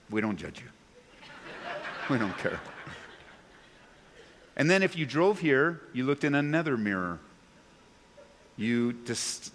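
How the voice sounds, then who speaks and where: A man preaching a sermon to a congregation, animated, swinging between loud excited bursts and low earnest tones. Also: a little hiss or hum. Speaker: pastor. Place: church sanctuary before a congregation. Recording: long reverb of a large hall.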